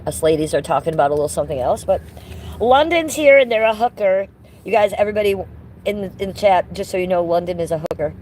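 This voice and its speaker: A woman's voice: mid-range voice, lively intonation, fast talker, darkish tone, a little hiss or hum. A woman live streaming from her phone while walking around, chatting casually with her viewers, rambling and addressing them by name, coughing now and then from smoke.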